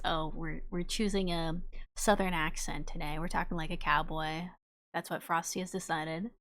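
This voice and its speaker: A woman chatting casually on a livestream as she plays a game, bubbly and quick to giggle, warmly greeting her viewers. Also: deep voice, steady tone. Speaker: streamer playing a game.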